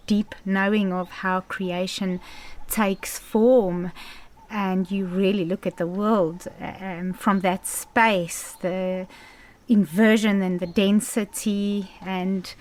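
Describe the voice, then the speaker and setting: A woman speaking hesitantly in a spiritual conversation, pausing often with uhs. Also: mid-range voice. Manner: slow, halting, hesitant.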